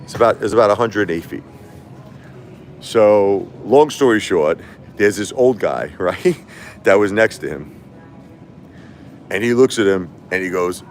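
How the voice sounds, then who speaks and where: A man's voice: low voice, expressive, moderate pace, pauses often, slight background noise. A middle-aged man, hosting a live stream and telling rambling stories, repeating himself and laughing often. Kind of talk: casual live-stream storytelling.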